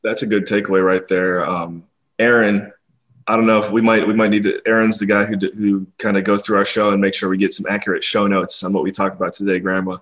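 A man's voice: lowish voice, flat delivery, fast talker, fairly bright tone. Easygoing young man hosting a podcast. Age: young adult. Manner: laughs often, easygoing. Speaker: podcast host, grandson. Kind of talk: casual interview chat.

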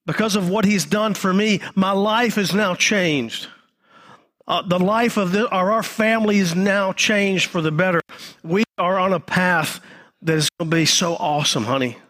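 Guy putting on a giddy freed debtor, voice pushed up high, gushing to his wife about his new life. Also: moderate pace. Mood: overjoyed. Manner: gushing, excited. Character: grown man overjoyed after being freed from debt.

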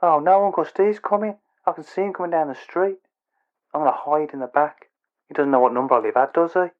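Guy putting on a nervous eager fan, kinda high, tinny phone line. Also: a little fast. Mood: earnest. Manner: timid, earnest, hesitant. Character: awkward eager male fan hiding in his shed.

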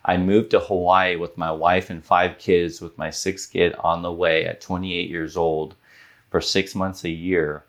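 A man in his thirties, a podcast guest telling a personal story in an earnest, animated way, with many fillers like "like". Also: deep voice, unhurried. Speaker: guest, business owner.

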